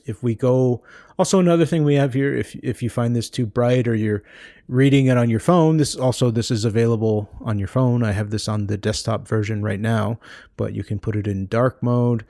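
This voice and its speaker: A man's voice: mid-range voice, moderate pace, dark tone, no echo, clean studio sound. A man patiently walking through a language-learning website, explaining each exercise as he clicks. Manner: patient, explanatory, thinking aloud while clicking. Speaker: language course creator. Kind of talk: screen-recorded website walkthrough.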